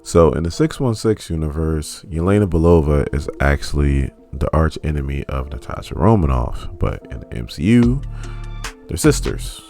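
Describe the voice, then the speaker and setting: Very deep-voiced man reviewing a movie. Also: normal speed, vocal fry, soft background music. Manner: joking, animated storytelling. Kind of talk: casual video commentary.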